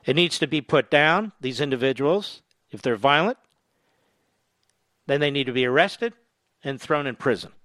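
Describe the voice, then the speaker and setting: Combative talk radio host, dry. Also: male voice, on the high side, a bit bright, no room sound. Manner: combative, emphatic. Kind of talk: political talk radio monologue.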